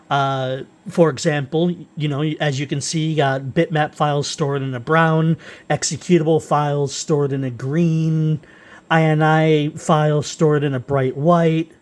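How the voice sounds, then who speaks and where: A man walking through software tools he wrote, unscripted and halting, with frequent fillers and restarts. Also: fairly high pitch. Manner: rambling, halting, with many uhs and restarts. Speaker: software developer presenting his utilities. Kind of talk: unscripted screen-recorded software walkthrough.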